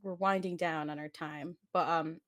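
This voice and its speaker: Young woman, podcast co-host, relaxed storyteller, laughs through her anecdotes. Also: on the low side. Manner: storytelling with frequent laughs and fillers. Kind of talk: casual chat.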